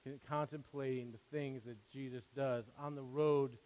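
A man preaching a sermon as pastor, earnest, with emphatic rises and quieter asides. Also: medium pitch, steady tone, normal speed. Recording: long hall reverb.

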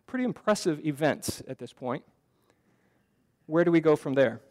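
A man with a fairly high voice preaching earnestly to a congregation. He talks in a conversational way and often restarts his phrases. The sound rings with the long reverb of a church hall. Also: expressive, normal speed, darkish tone. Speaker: pastor. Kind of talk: sermon. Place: church sanctuary.

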